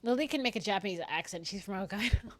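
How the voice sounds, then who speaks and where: A woman streamer chatting casually during gameplay, animated, laughing and swearing freely. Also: medium pitch, quick pace. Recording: game music behind.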